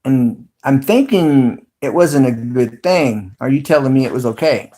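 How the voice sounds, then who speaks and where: Middle-aged guy rambling on a livestream, lots of ums, normal pitch voice. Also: expressive, unhurried, mellow. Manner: rambling, chatty, with frequent ums. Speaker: video host. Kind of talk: casual livestream chat.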